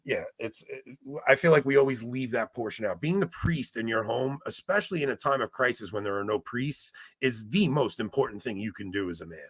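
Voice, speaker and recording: A man in casual podcast chat, telling stories in an animated way and getting loud when he retells a fight. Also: mid-range voice, a little fast, few pauses, breathy edge, dry recording. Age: 20s. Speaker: podcast co-host.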